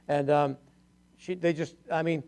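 Gravelly older male pastor. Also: fairly high pitch, fairly even intonation, measured pace, darkish tone. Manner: chatty, laughing, acts out quoted voices. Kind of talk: storytelling sermon testimony.

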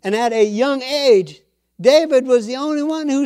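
High-voiced animated preacher man. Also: normal speed, clean tone, no room sound, studio quality. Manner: animated storytelling preacher, acts out quotes. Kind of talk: sermon.

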